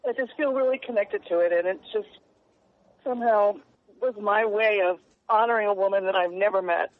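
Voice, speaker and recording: Woman, journalist guest, earnest, halting, heartfelt, tinny phone-line sound, mid pitch. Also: no room sound. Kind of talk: phone-in radio interview.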